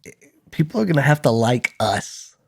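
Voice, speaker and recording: A podcast co-host chats casually and energetically in a medium-pitched, expressive voice with vocal fry and a slight roughness. He keeps a moderate pace, often repeats words, and laughs between points.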